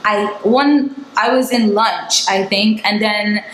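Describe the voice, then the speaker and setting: A woman's voice: mid-range voice, takes it slowly, fairly bright tone, echoey room, slight background noise, poor audio. A young woman from Nigeria telling a candid storytime to her vlog viewers, chatty and full of fillers. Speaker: vlogger. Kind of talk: casual storytime chat.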